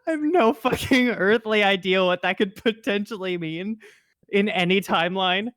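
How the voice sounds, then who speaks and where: A woman's voice: mid-range voice, moderate pace, dry recording. A woman co-hosting a podcast, chatting casually, swearing a lot and laughing often. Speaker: podcast co-host. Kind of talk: casual chat.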